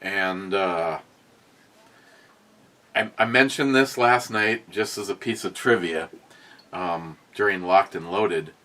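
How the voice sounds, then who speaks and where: Low-voiced guy hosting a beer review chat, rambling and cussing, gets animated telling stories. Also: takes it slowly, long pauses. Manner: rambling, profane, animated storytelling. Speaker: beer review podcast host. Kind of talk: casual chat.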